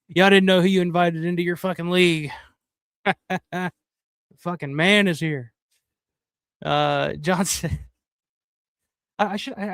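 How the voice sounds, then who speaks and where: A man's voice: fairly high pitch, a bit bright, clean tone, no room sound, clean studio sound. A middle-aged man hosting a live stream, chatting loosely and profanely while thanking viewers by name. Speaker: livestream host. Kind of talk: casual live-stream chat.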